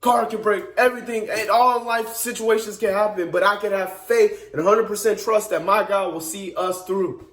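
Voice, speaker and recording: A man's voice: sits high, fairly even intonation, moderate pace, fairly bright tone, roomy sound. A man preaching informally in an earnest, emphatic way, repeating and restarting his phrases as he builds each point. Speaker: speaker giving a devotional message.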